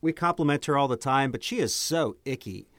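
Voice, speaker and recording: A man voicing a mocking little goblin with a squeaky, sneering cackle. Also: expressive, brisk, dry recording, clean studio sound, lightly acted.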